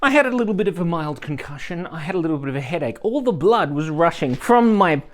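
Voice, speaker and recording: A man's voice: fairly high pitch, sing-song, fast. A middle-aged Australian man telling a comic story, rambling with absurd asides and chuckling at his own jokes.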